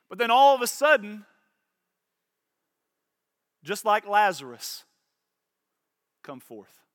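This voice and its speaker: A high-voiced, bright-toned man delivers a sermon from the pulpit. He preaches with fervor, stumbling over repeated words and slipping into quick acted voices. The sound is close and dry, with no room around it. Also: no echo. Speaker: pastor.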